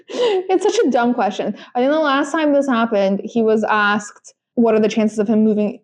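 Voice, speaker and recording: A woman's voice: fairly high pitch, a little mellow. Chatty young woman podcast host. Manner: chatty, frequent fillers and restarts. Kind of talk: casual chat.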